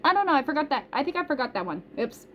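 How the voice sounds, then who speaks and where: A woman's voice: high-pitched, big pitch swings, rapid-fire. Bubbly rambling woman vlogger. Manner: bubbly, rambling, self-deprecating. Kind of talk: casual chat. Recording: slightly dull recording with faint hiss.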